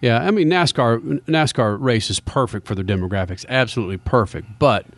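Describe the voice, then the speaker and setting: A man hosting a radio show, talking loud and enthusiastic, with frequent laughs. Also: mid-range voice, a little fast, no echo. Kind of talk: casual radio talk.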